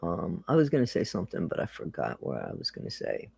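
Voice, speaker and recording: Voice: deep voice, huge pitch swings, quick pace, creaky, darkish tone, breathy edge, no echo. A person hosting a casual livestream, chatting loosely and reading viewer comments aloud, repeating phrases and laughing often. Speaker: livestream host.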